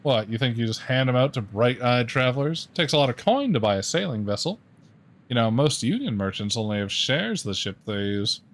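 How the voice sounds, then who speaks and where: A man's voice: medium pitch, animated, fairly quick, lightly acted. A man voicing a tired, sardonic female harbor master from a fantasy game, drawling and dismissive.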